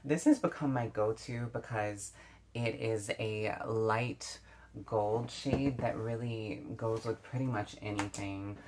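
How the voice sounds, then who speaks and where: A woman's voice: extremely low pitch, steady tone, slow, noisy background. A woman beauty vlogger chatting casually while doing her makeup, reflective, with many fillers and restarts. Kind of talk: casual get-ready-with-me chat.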